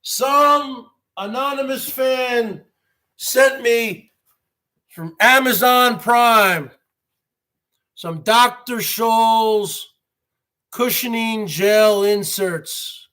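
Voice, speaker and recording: Brash stream host, from New Jersey, boastful and rambling, bright high voice. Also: male voice, very slow, long pauses. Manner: boastful, repeats "folks" and "bottom line"; greets viewers by name. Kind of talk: boastful rambling live chat.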